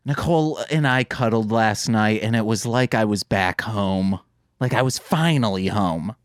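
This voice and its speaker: A man co-hosting a podcast from home, chatting casually and teasing with quick jokes. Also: lowish voice, smooth, no echo, studio quality. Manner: playful, teasing, jumps between jokes. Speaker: podcast co-host. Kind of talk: casual chat. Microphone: headphones on, home mic.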